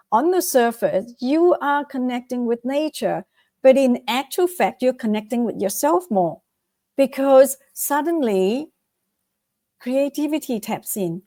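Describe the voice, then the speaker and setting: Her voice a little high, a middle-aged life coach and author from Vietnam responds as an interview guest, lively and motivational. She acts out the voices she quotes and says key phrases again and again, all captured in clean studio sound without echo.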